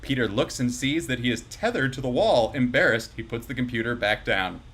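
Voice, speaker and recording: A man's voice: mid-range voice, animated, brisk, fairly bright tone, husky. A man hosting a live comedy table read, reading stage directions with breezy asides and chuckles to the players. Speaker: host and stage-direction reader.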